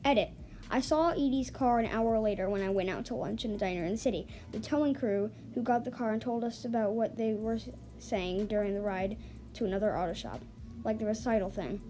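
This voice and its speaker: Woman reading a story, mellow tone. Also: fairly high pitch, fairly quick. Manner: reads with small stumbles and restarts. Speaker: story reader. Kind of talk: reading an online forum story aloud. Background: faint background music.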